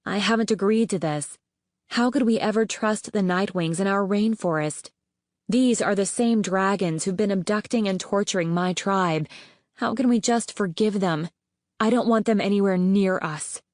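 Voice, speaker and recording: A woman voicing a young female dragon queen in an audiobook, speaking in a measured, skeptical way. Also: medium pitch, a little mellow, dry recording, studio quality, natural voice. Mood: wary. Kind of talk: audiobook character voice.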